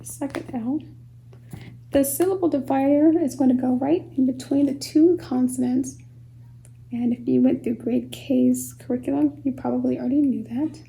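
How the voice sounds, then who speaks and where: High, gravelly woman teacher, patient. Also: steady tone, warm tone, slight background noise, rough recording. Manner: slow, patient, sounds words out syllable by syllable. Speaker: homeschool teacher. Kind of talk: phonics lesson for young children.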